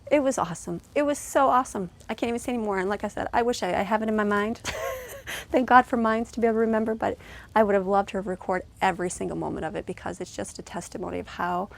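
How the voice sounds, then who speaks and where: Very fast and gravelly, yet steady in tone at a medium pitch, a middle-aged mother talks through a casual vlog. Her earnest, emotional rambling includes frequent restarts and sincere thanks.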